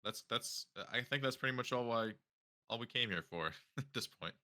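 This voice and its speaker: A man's voice: mid-range voice, expressive, moderate pace, sharp tone. A man playing an easygoing young bard who speaks in a casual, joking way. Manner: casual, laid-back, joking.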